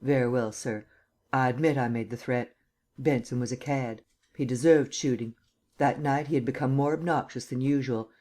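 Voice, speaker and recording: A man's voice: mid-range voice, steady tone, normal speed, lightly acted. A man doing a nervous Southern army captain. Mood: tense, guarded. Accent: American Southern. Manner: quiet, hesitant, clipped replies. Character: nervous army captain, tall stiff soldier.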